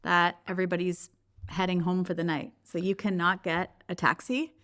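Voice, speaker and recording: A woman's voice: on the low side, little pitch movement, normal speed, a bit bright. A woman from Canada co-hosting a podcast, explaining context in a friendly way and laughing often. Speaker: podcast co-host. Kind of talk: casual storytelling chat.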